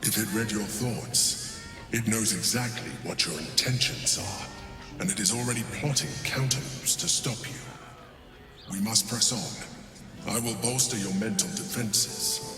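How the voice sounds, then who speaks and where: Brief: actor doing formal, measured male mage, low, long reverb. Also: music in the background, lightly acted. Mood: grave. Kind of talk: video game dialogue.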